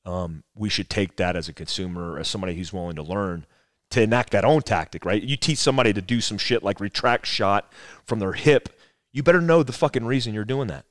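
In a clean studio recording with no room sound, a former soldier in his forties tells a rambling, profane story as a podcast guest. His voice is fairly low and fairly quick, and the exchange is a casual storytelling conversation.

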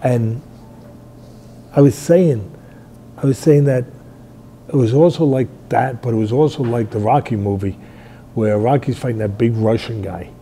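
An older man, hosting a fight talk show, telling stories in a rambling way and shouting out quoted lines. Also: mid-range voice, moderate pace, pauses often, a little hiss or hum. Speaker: boxing trainer and show host. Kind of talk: animated fight analysis chat.

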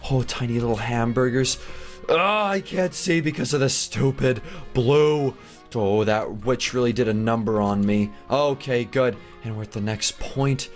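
A young man hosting a game video, giving jokey, animated play-by-play with sudden excited yelps. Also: medium pitch, measured pace, faint music behind. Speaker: gaming video host. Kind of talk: casual game commentary.

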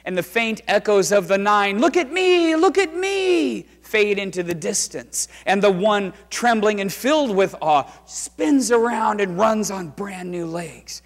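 A man preaching a sermon as pastor, telling the story conversationally and swinging between loud and hushed. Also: high-pitched, unhurried, hardly any pauses. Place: church sanctuary. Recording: reverberant church sanctuary.

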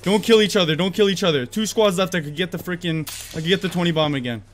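A young man streaming a shooter game, reacting loudly and excitedly as he plays, yelling at opponents. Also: high voice, quick pace, a little hiss or hum. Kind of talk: live gameplay commentary.

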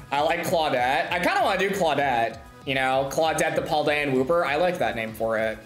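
A young woman streams a game from home with a bubbly, giggly delivery and a fairly low voice that leaps all over the place. Her desk mic picks up a roomy echo, with game music playing softly behind her. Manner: bubbly, laughing, squealing with excitement. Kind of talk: excited gameplay streaming chat. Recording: echoey room with music behind.

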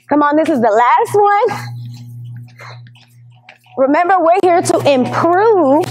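A woman teacher leads an exercise class for school television, coaching and counting down each move. Her voice sits high and she keeps an unhurried pace. Faint music plays underneath. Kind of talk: leading a workout class. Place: indoors, recorded for school television.

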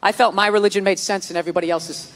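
A man doing a stand-up comedy rant with profane, exasperated delivery and bursts of shouting, on a live stage in front of a loud audience. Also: high voice, steady tone, very fast, long reverb tail, very noisy.

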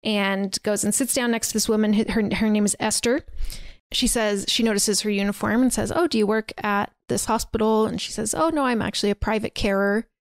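A woman's voice: medium pitch, steady tone, a little fast, clean tone, no echo. A woman hosting a podcast, casually retelling a film scene by scene with lots of fillers. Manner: chatty, retells scenes with quoted dialogue and fillers. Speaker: podcast host. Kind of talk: casual movie recap.

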